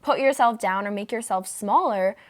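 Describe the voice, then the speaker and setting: A woman's voice: mid-range voice, normal speed. A woman co-hosting a podcast interview, talking in an earnest, encouraging way. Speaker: podcast co-host. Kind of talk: casual interview talk.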